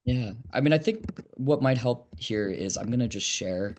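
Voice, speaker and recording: A man's voice: medium pitch, moderate pace. A man, an author, explaining history in a conversational interview, with frequent "um"s and restarts. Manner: animated explainer, many fillers and restarts.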